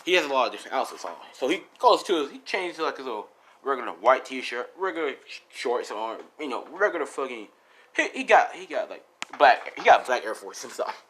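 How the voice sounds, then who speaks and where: A man's voice: medium pitch, sing-song, brisk, a bit bright, slight background noise. A man casually improvising a fan story, rambling, slangy and swearing, often correcting himself. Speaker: YouTuber storyteller.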